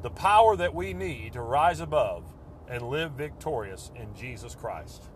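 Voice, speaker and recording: A man preaching a sermon with fervent, repetitive phrasing that swells and then drops to a hush. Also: fairly high pitch, slight background noise.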